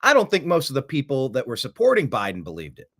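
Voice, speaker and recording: A man's voice: medium pitch, wildly swooping pitch, fast talker, a bit bright. A man hosting a political commentary show, talking emphatically and sarcastically, often repeating words for effect. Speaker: host.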